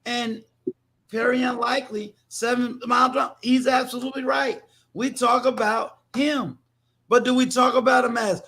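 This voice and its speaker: Slow, high-voiced older man from New York. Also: steady tone, creaky, bright, forceful tone, husky. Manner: emphatic, preachy, repeats words. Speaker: livestream host. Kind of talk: casual livestream talk.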